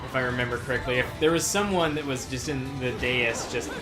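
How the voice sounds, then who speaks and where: A man's voice: mid-range voice, fairly quick, over music. A man co-hosting a let's play, rambling in casual post-game chat and laughing often. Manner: rambling, laughs often, frequent "you know" fillers.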